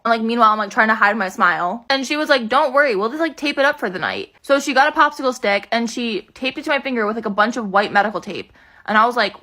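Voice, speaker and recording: A woman's voice: fairly high pitch, lively intonation, fast talker, bright, forceful tone. A young woman telling a funny story time to camera in a chatty, filler-heavy, self-mocking way.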